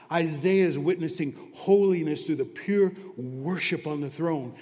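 Pastor guy preaching a sermon, kinda high voice, slow and earnest, big echoey church hall. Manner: earnest, swings between hushed and emphatic preaching. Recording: long reverb of a large hall.

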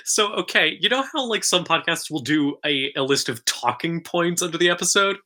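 A woman from the Philippines co-hosting a podcast, chatting casually with animated, sarcastic asides. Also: fairly low pitch, moderate pace. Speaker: podcast co-host. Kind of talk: casual chat.

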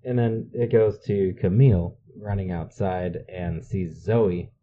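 Low-voiced man in casual movie banter. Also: measured pace, lo-fi sound, slight background noise. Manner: relaxed, joking, chimes in with agreement. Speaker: podcast co-host. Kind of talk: casual movie recap chat.

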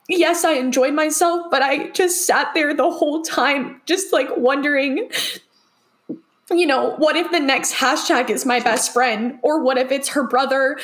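Young woman, high voice, earnest, emotional, filler-heavy, podcast co-host. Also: fairly bright tone. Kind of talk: emotional personal podcast talk.

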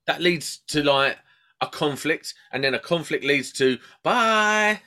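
A man's voice: a little high, normal speed. A man, an electrician, telling a work story in casual podcast chat. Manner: animated storytelling, swears casually.

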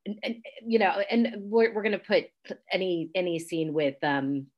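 A woman's voice: on the low side, animated, moderate pace, muffled recording. A woman co-hosting a casual movie podcast, chatty and easygoing, often laughing. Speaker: podcast co-host.

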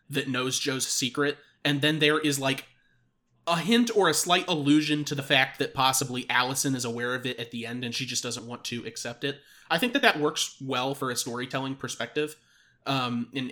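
A man's voice: medium pitch, sharp tone. A man co-hosting a podcast, chatting casually about films, stammering a little and laughing easily. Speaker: podcast co-host. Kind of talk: casual film discussion.

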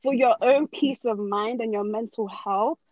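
A woman's voice: a little high, unhurried, darkish tone, dry recording. A woman from Norway, talking casually and emphatically in slangy chat, ranting on a podcast. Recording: dull dry close sound.

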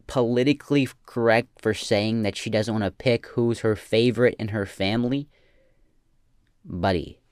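A man's voice: on the low side, a little mellow, dry recording, clean studio sound. A man giving casual, profane, sarcastic reaction commentary.

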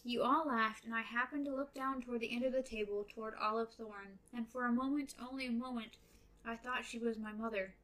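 Earnest lovesick young guy, a lady reading him, steady and low. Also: brisk, lightly acted, rough recording. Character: earnest young man in love. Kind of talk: reading a novel aloud.

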